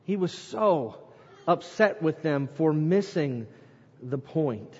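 A man preaching a sermon, reading scripture aloud and swinging between loud emphasis and quiet, slow lines. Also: on the high side, animated, husky. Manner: reads scripture aloud, dramatic swings in loudness and pace. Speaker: pastor. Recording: muffled sound with long hall reverb.

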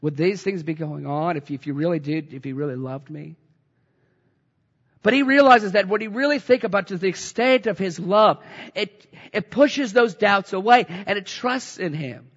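A man's voice: high-pitched, moderate pace, fairly bright tone, slightly rough, long reverb tail, lo-fi sound. A man preaching an earnest, conversational sermon, often restarting his phrases as he works through a scripture passage. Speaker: pastor.

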